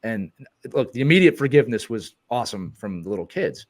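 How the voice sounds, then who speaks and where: A middle-aged man hosting a podcast interview, talking candidly in halting bursts with repeated words. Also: on the low side, big pitch swings. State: emotional. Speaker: podcast host. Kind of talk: casual interview chat.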